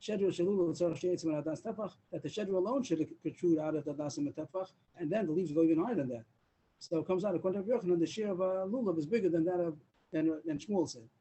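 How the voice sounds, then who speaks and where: A man's voice: sits high, fast talker, dark tone, slightly rough, low-quality recording. A man teaching a daily Talmud class over a video call, explaining step by step and mixing in Hebrew and Aramaic terms.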